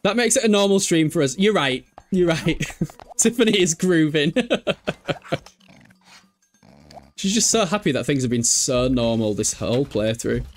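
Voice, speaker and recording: A young man chats through a live game stream, swearing freely and laughing a lot. His fairly high voice swings up and down with animated energy. Faint music sits behind him. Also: unhurried, pauses often. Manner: chatty, sweary, laughs often, reads chat aloud. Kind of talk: casual live game commentary.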